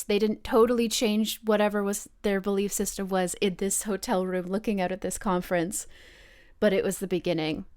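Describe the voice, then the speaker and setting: Woman player narrating her character in first person; smooth, clear tone, thoughtful, brightens for quoted lines. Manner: reflective, acts out quoted dialogue with lively pitch jumps. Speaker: player in a tabletop role-playing game.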